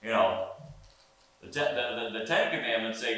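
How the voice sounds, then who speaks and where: An older man preaching a sermon in a church, animated and folksy, asking the congregation questions. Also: mid-range voice, moderate pace, pauses often. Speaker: pastor. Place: church sanctuary. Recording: very echoey church room, distant mic, faint hiss.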